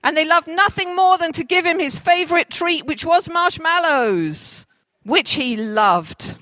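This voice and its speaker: A woman telling a story to a group, directing volunteers as they act it out, with lively, jokey asides. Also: very high-pitched, measured pace, no echo. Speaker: children's storyteller.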